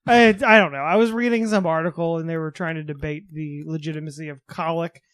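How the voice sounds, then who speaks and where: A man co-hosting a casual podcast, hesitant and deadpan, often restarting words. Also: on the high side, brisk, clean tone, no echo. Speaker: podcast co-host. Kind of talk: casual chat.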